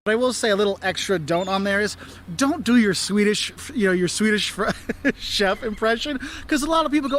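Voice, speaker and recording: A man's voice: high-pitched, a little fast, fairly bright tone. A man hosting a travel advice video, talking enthusiastically, laughing often and putting on silly voices.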